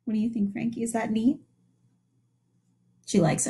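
A woman's voice: on the high side, normal speed, pauses often, a little hiss or hum. A young woman teacher reading a picture book aloud to children and asking them questions along the way. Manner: animated storytelling with questions to young listeners.

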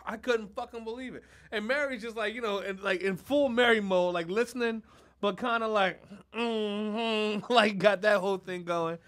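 A man hosting a podcast in casual chat, telling animated stories full of cursing and laughter. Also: high voice, moderate pace. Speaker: podcast host.

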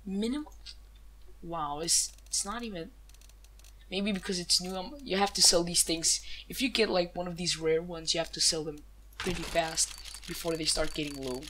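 A woman hosting a gaming channel, giving excited case-opening commentary, gasping, exclaiming and swearing freely. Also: lowish voice, moderate pace, a little hiss or hum.

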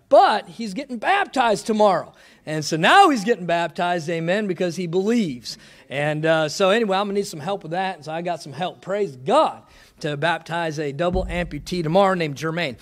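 Male pastor, high-pitched, folksy testimony style, punctuated with praise. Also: expressive. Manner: folksy, quick, exclaims praise often. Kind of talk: missions conference testimony.

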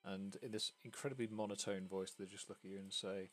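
A man's voice: sits low, fairly even intonation, fairly quick, few pauses, a bit bright, faint music behind. A man narrating a tabletop game as game master, describing scenes with many fillers.

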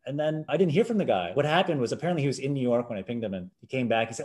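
A man in his forties tells stories at a quick clip, slipping into other people's voices with sudden high jumps. It sounds like a relaxed chat between guest and host. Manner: animated, acts out quoted voices with big pitch jumps. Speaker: podcast guest. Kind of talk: casual storytelling.

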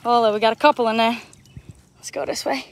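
A woman's voice: fairly high pitch, fairly even intonation, fast. A young woman from Louisiana with a Southern accent, chatting to her viewers as she works on a boat on a bayou, talking into a phone. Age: young adult. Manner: chatty, greets viewers, talks while working. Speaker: vlogger, crawfisher. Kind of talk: live-streamed outdoor vlog. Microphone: phone held while working.

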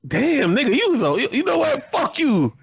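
A man's voice: very high-pitched, wildly swooping pitch, moderate pace, creaky, crowd noise. A man on a group call, swearing, laughing and exclaiming in crude banter. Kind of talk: crude trash-talk banter. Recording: noisy call audio.

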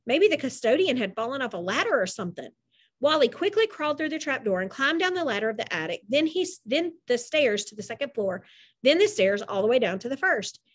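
A woman reading a children's chapter book aloud with expressive, animated narration. Her voice is high and moves freely up and down.

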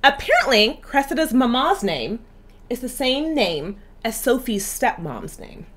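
A woman hosting a casual TV reaction chat, animated and freely swearing. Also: fairly high pitch, unhurried. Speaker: host.

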